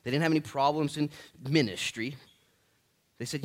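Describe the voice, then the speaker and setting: A man's voice: fairly high pitch, very animated, fairly quick, gravelly. A man in his thirties preaching a sermon as pastor, joking and self-deprecating, with many restarts.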